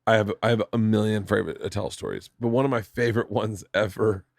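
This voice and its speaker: A podcast host in casual chat, telling animated anecdotes and putting on the voices of the people in them. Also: male voice, lowish voice, fast talker, vocal fry, no echo, studio quality.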